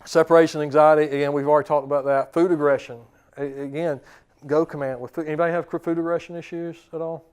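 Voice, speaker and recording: A man's voice: on the high side, little pitch movement, quick pace, a little mellow, clean tone. A man in his thirties, a dog trainer giving a seminar to clients in a conversational way, often repeating words and acting out the commands he gives.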